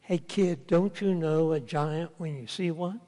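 A man's voice: fairly high pitch, a little slow, dark tone, lightly acted. A man voicing scornful older brothers who taunt their little brother, in a mocking tone. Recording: long hall reverb.

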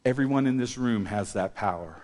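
A middle-aged male pastor preaching a sermon in a church, animated, swinging between loud emphasis and quiet asides. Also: mid-range voice, fairly quick. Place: church hall. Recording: long reverb of a church hall.

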